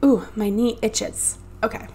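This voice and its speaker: A woman's voice: fairly high pitch, fairly even intonation, unhurried, mellow. A woman hosting a let's play, chatty and narrating each move on a USB desktop mic. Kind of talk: casual gameplay commentary.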